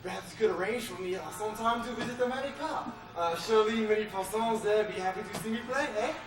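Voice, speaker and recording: Young man doing pompous French acting teacher, French accent, halting, fussy, distant, roomy hall. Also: high voice, close to an everyday voice. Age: young adult. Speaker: school play actor. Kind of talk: school stage play.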